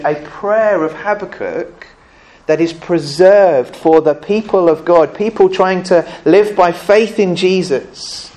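A man's voice: on the high side, darkish tone. A man preaching a sermon in church, conversational and earnest, often putting questions to the congregation.

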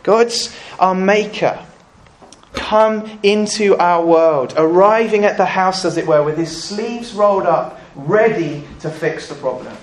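Male pastor, slightly raised pitch; earnest sermon delivery with rhetorical questions. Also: slight background noise.

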